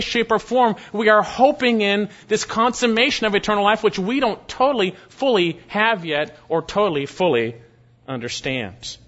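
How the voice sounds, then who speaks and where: A man's voice: a little high, fairly bright tone. Earnest preacher man, dull recording. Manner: earnest, reads verses aloud with slow deliberate emphasis. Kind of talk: expository sermon with scripture reading.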